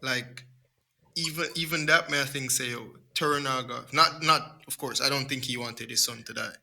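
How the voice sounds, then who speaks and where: A man's voice: mid-range voice, normal speed, vocal fry, bright, forceful tone. A young man, co-hosting a casual podcast chat in a laid-back, slangy way. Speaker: podcast co-host.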